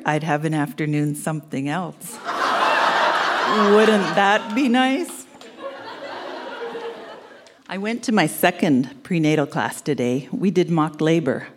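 Older lady reading old letters onstage, teasing, lower voice, faint noise. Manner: fond, teasing, reading with laughs. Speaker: storyteller reading her old letters on stage. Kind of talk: reading aloud to a live audience. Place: live event stage.

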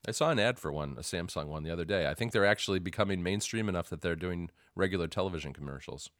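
A man's voice: sits low, fast, fairly bright tone, dry recording, studio quality. A man co-hosting a podcast, chatting casually and rambling, often restarting his sentences. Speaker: podcast co-host. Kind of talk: casual chat.

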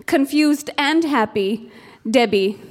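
A woman reading aloud entries from the diary she kept as a child, in an earnest, deliberate way. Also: high voice, lively intonation. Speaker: reader at a live storytelling show.

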